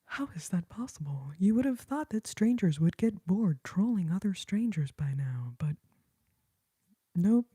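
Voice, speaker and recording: A woman hosting an ASMR livestream in a whispered role-play, softly chatting with viewers, giggling and singing snippets of lullabies. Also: mid-range voice, sing-song, a little slow, slightly rough, no room sound, studio quality. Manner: sings snippets of lullabies in a hushed voice.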